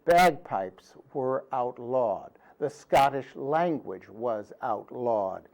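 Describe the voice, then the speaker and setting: A man giving a humorous history lecture with songs, delivering deadpan punchlines in a dry, pedantic way. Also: medium pitch, slow pace, rough recording. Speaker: performer of a musical history talk.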